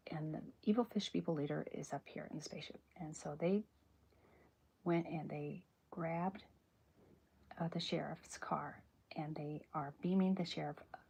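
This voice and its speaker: A woman chatting in a soft-spoken, whispery way during an ASMR drawing livestream, rambling and correcting herself as she goes. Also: low voice, gravelly, slightly rough. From American South. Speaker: cartoonist streaming live.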